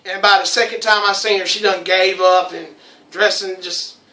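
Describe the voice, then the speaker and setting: A man's voice: high-pitched, steady tone, moderate pace, bright, forceful tone. A man hosting a casual podcast who tells crude stories, rambling and laughing as he goes. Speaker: podcast host. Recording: echoey, distant room mic.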